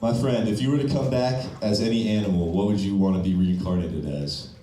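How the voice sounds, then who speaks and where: A man's voice: on the low side, fairly quick, a loud crowd. A young man doing open-mic stand-up with a loose, punchy delivery, often ending lines on "okay?", on a comedy club stage. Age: young adult. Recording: echoey room, mic from a distance.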